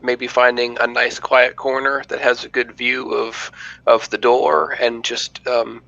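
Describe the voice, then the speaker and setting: A man playing in a tabletop game, describing his character's actions in a measured, thoughtful way. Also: mid-range voice, level tone, vocal fry, sharp tone, muffled recording. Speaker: player. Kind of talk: tabletop role-play chat.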